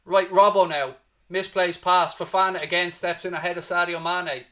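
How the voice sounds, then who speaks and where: Hosting a fan watchalong, a Dublin man from Ireland commentates on a football match live and chats with viewers, his voice bright, forceful, and a bit higher than most men's. Though animated and swearing freely, his delivery is flat and his pace moderate, and he keeps pressing viewers to stay positive.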